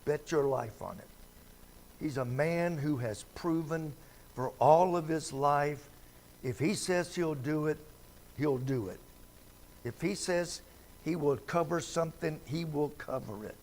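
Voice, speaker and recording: A man's voice: fairly high pitch, unhurried, a little mellow, slight background noise. A man preaching a midweek church Bible study in a folksy, conversational way, often putting questions to the congregation. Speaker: pastor. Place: church sanctuary.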